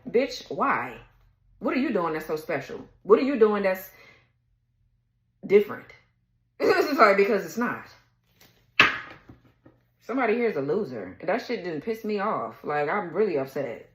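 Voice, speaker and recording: A woman's voice: medium pitch, sing-song, unhurried, long pauses, roomy sound, poor audio. A woman giving a tarot reading in a blunt, heated rant, cursing freely and laughing between her words. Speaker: tarot reader. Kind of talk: casual ranting tarot reading.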